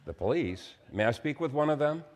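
Figure: adult male telemarketer, voiced by a man. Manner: pushy, politely persistent. Pitch: raised above a deep voice. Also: big pitch swings, brisk, lightly acted. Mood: pushy, puzzled. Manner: pushy, polite salesman questioning.

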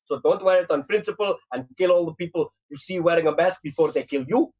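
A man's voice: on the high side, a little mellow, breathy edge. A man putting on a lisping Russian spy pundit. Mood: pompous. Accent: put-on Russian, drifting English. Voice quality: slight lisp. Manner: long-winded mock lecture, halting fillers. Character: pompous male Russian spy pundit, lecturing. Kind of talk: improvised panel role-play.

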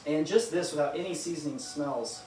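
A man's voice: fairly high pitch, a little fast, a little mellow, a little hiss or hum. A man hosting a live cooking class, chatting as he explains each step. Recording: echoey room, mic far off.

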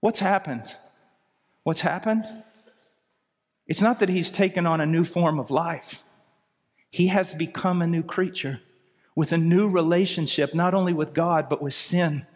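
A man preaching a sermon with fervent intensity, swinging between low, quiet passages and raised, urgent cries. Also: a little slow, long pauses. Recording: hall reverb from a live sermon.

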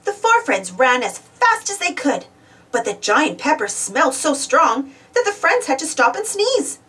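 A woman reading a children's storybook aloud with expressive, lively narration. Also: high voice, moderate pace. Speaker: storybook reader. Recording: voice distant from the mic.

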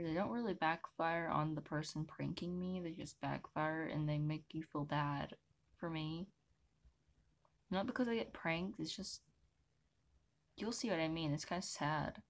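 A woman vlogger telling unscripted story-time tales in a rambling, self-mocking way. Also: fairly low pitch.

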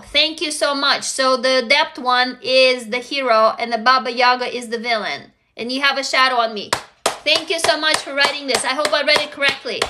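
A woman hosting a casual livestream, reading viewer stories aloud and reacting in an effusive, excitable way, swearing when impressed. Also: sits high.

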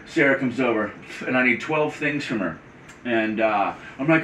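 A man chatting casually, adding quick agreements and telling his side of the story with lively expression. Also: mid-range voice. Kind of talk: casual conversation. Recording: echoey room, mic at a distance, faint ambient noise.

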